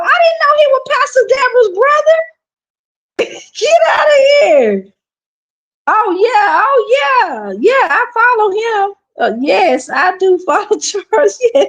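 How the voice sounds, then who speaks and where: A woman with a Southern accent chatting casually with viewers on her livestream, answering their comments and repeating herself. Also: high-pitched. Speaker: livestream host.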